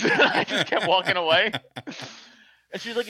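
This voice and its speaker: A man's voice: high-pitched, a little fast, pushed and bright, no echo. A man telling a profane, laughing story in casual chat.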